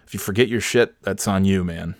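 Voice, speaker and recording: A man's voice: low voice, fairly quick, dry recording, clean studio sound. A man telling stories in a casual, profane rant about school and parenting. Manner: profane, animated storytelling. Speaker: podcast host, parent. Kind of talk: casual ranting monologue.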